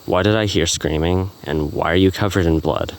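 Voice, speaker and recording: A man's voice: low-pitched, moderate pace. A man reading as a startled young drow girl. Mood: alarmed.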